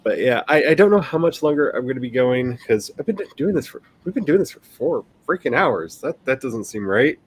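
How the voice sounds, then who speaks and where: A man's voice: mid-range voice, animated, fairly quick, few pauses, husky, no echo. A man hosting a casual livestream as an author, rambling and self-deprecating, who laughs often and restarts his sentences.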